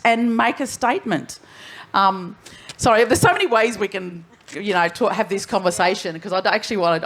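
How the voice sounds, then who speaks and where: A woman's voice: medium pitch, a bit bright. An Australian woman speaking frankly on a festival panel, wandering through her points and swearing casually. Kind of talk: candid panel talk.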